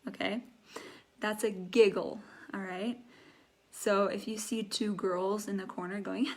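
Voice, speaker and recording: A young woman teaching a live online English lesson, patiently explaining words and acting out the sounds they describe. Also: medium pitch. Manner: slow, patient, demonstrates sounds aloud.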